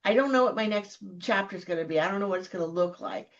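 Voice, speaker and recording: An animated woman from Florida tells her story in relaxed chat, jumping high in pitch whenever she acts out someone else's words. Her voice sits at an ordinary middle pitch. The sound is a little dull and lo-fi. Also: quick pace. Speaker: guest.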